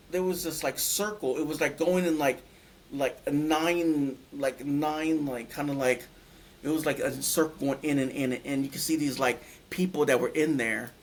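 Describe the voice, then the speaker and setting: A man with a voice a little higher than most shares a personal experience as an interview guest. He speaks in halting phrases, often restarting and searching for words. His delivery is plain personal storytelling. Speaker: guest recounting a near-death experience.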